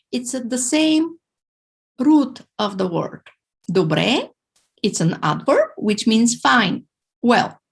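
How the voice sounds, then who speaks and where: A woman teaching a language lesson, sounding out words slowly and carefully for learners to repeat. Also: fairly high pitch, vocal fry, slightly rough.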